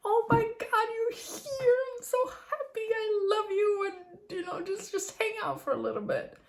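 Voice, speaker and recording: A woman voicing her family dog greeting its people, with a high, breathless, gushing delivery. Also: measured pace. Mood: overjoyed.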